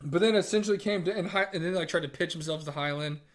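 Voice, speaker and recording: A man co-hosting a casual chat, retelling a TV episode with lively acted-out quotes. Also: a little high, fast. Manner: animated retelling, acts out quotes in a raised voice. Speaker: podcast co-host. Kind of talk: casual chat recapping a TV show.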